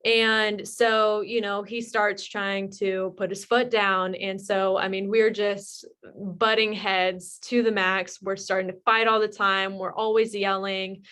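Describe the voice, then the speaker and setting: A woman's voice: mid-range voice, flat delivery, slow pace, a bit bright, clean tone. A young woman candidly telling her personal recovery story, emotional and full of fillers. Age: young adult. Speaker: guest sharing recovery story. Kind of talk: personal testimony.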